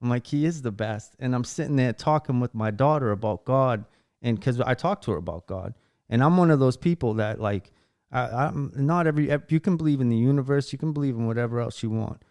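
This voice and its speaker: With a medium-pitched, darkish voice and a brisk pace, this male podcast host rambles through a heartfelt story, swearing offhandedly and full of fillers and restarts. The recording is dry, studio quality.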